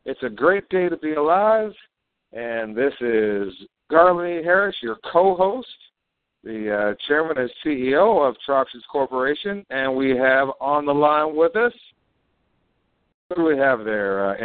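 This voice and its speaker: A man's voice: fairly high pitch, animated, unhurried, smooth, no room sound. A man co-hosting a live call broadcast, chatting in a rambling way with fillers and frequent laughs. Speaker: co-host and company chairman. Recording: tinny phone-like dry sound.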